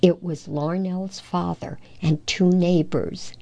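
A woman reading a children's storybook aloud in an unhurried, careful way. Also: lowish voice, fairly even intonation, gravelly, mellow. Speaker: storybook reader.

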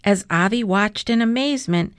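A woman reading a children's picture book aloud in a gentle, measured way. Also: mid-range voice, no echo. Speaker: storyteller.

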